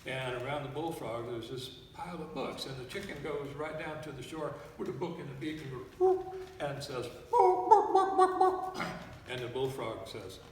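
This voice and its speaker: A man casually telling a joke to friends, an animated storyteller. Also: fairly quick, hardly any pauses. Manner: animated storyteller, lively pitch. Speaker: folk musician telling jokes. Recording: echoey hall from far off, faint noise.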